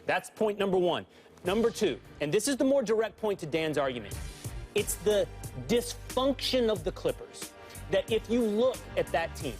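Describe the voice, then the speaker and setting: A man with a notably high voice debates on a sports talk show, laying out his case in emphatic, numbered points. Soft music plays faintly underneath.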